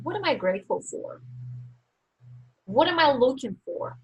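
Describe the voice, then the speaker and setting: A woman life coach giving a live-stream coaching talk, teaching in a slow, deliberate way with reflective pauses. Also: high-pitched, big pitch swings, slightly rough, poor audio.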